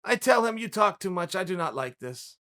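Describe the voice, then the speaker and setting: A man voicing a gruff, threatening adult male fighter who speaks blunt, broken English. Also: high voice, big pitch swings, a little fast, sharp tone, pitched below the performer's own voice, full character voice. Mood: menacing.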